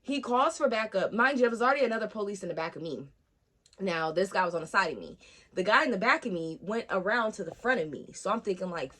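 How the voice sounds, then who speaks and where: A young woman telling a personal story in a casual vlog, animated and profane, acting out the other people's voices. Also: medium pitch, fast. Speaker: storyteller vlogger.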